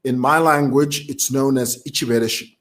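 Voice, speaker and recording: A man's voice: mid-range voice, steady tone, normal speed. A man from Zambia with a Zambian accent, talking casually to camera as a vlogger who laughs while he talks. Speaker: vlogger commentator.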